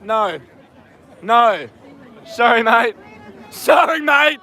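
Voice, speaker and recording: An Australian man livestreaming from a city street, talking loudly, swearing and rallying his viewers. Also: very high-pitched, sing-song, takes it slowly, long pauses, some chatter behind. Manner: loud, profane, rallying. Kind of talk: live street stream.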